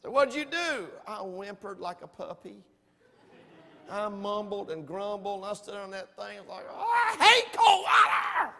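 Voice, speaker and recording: High-voiced preacher in a reverberant hall. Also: male voice, measured pace, vocal fry. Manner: animated storytelling, folksy, emphatic. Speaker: pastor. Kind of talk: sermon. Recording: long reverb of a church hall.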